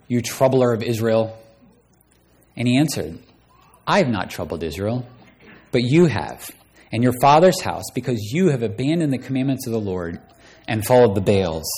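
A man's voice: medium pitch, darkish tone. A man preaching a sermon, reading scripture aloud and raising his voice dramatically on the quoted lines. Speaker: pastor.

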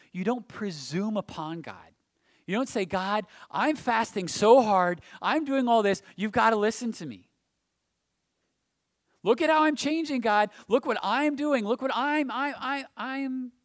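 A man preaching a sermon, swinging from loud emphasis to hushed, almost whispered passages. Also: high voice, no room sound.

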